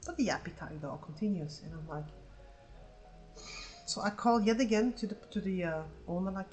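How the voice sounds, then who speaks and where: A woman livestreams while she draws, telling a story in a casual, sarcastic way and swearing freely. Her voice sits a bit low for a woman, and she tells it at an animated clip from a home studio. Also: a little fast, a little hiss or hum, rough recording. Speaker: livestreaming artist.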